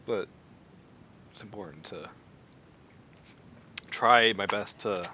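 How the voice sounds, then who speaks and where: A man rambling and exclaiming in a casual, animated way as he chats on camera. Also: lowish voice, takes it slowly, highs cut off, slight background noise. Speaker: video creator. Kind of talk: casual chat while taste-testing.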